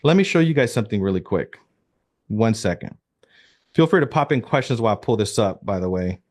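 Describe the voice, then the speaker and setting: This fairly low-pitched man speaks briskly as he coaches his real estate team over video, full of energy. Rhetorical questions come rapid-fire, and he hammers his main points again and again.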